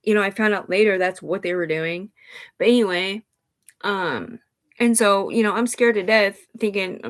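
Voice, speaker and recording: A woman's voice: mid-range voice, a little fast. A woman talking on a livestream in an agitated, rambling way, swearing a lot, restarting sentences and addressing her listener as sir, upset and sighing. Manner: agitated, profane, run-on talk with many restarts.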